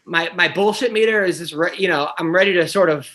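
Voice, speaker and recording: A man who coaches wrestling, co-hosting a casual podcast chat in a rambling way that gets animated when he is annoyed. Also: high-pitched, brisk. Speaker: podcast co-host.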